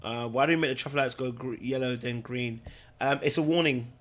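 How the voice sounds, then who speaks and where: A man's voice: mid-range voice, fairly quick, a bit bright. A man from Britain, chatting casually as a podcast host in a loose, rambling way full of slang. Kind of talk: casual livestream chat.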